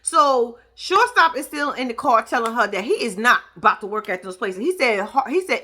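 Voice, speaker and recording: A woman's voice: fairly high pitch, normal speed, few pauses. A woman talking casually, recapping a TV episode in a sassy, profane, teasing way. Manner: profane, sassy, animated storytelling; sarcastic, teasing. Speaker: reality TV recap vlogger. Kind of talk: casual commentary.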